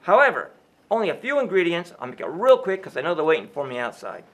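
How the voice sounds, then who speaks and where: A man's voice: on the high side, sing-song, fast, a bit bright. A man hosting a homemade show, chatting casually while explaining a recipe step by step. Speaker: show host playing a sheriff. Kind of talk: casual cooking demonstration.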